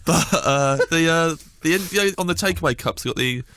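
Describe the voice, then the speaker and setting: A man's voice: fairly high pitch, a little fast, a bit bright, clear, resonant tone, no echo. A man who is a comedian guest on a radio show, rambling and correcting himself as he tells a story. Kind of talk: casual radio banter. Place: radio studio.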